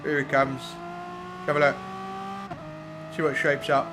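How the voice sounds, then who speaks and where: A man with a fairly high voice talks through sim racing replays live, blunt and quick to swear. A faint hum of noise sits under his voice. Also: monotone. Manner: blunt and sweary, chatting with viewers. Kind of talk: live commentary on race replays.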